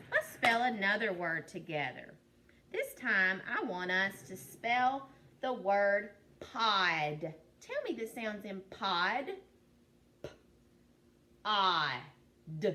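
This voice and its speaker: A woman's voice: mid-range voice, lively intonation, sharp tone. A woman teaching young children a phonics lesson for a virtual class, patiently sounding out short words and praising them. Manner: slow, drawn-out sounding out of words. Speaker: kindergarten teacher.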